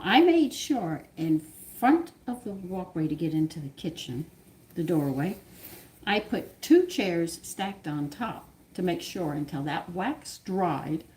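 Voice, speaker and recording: An older woman with a Southern US accent, a cooking channel host, telling a home story in casual, animated talk and laughing often. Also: fairly low pitch, slight background noise. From American South. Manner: animated, laughs often, swings loud and quiet.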